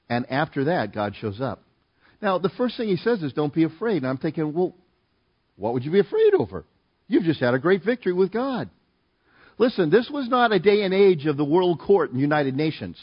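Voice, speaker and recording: A man's voice: a little high, slightly rough. A middle-aged man preaching a sermon, telling stories in a conversational, rambling way with fillers and restarts. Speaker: pastor. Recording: dull lo-fi sound.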